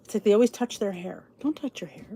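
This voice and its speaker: Her voice is mid-range and slightly rough but mellow, with lively intonation and a quick pace. She's a middle-aged podcast host from the Philadelphia area with a Philly accent, rambling casually to her viewers. The talk is chatty, full of restarts and side comments.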